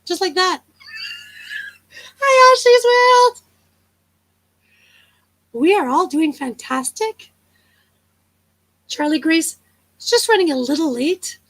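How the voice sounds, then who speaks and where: A chatty woman with a fairly high voice hosts a casual live chat. She tells rambling stories and laughs often, and the sound is dry and close with no room echo. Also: expressive, unhurried, long pauses. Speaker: livestream host.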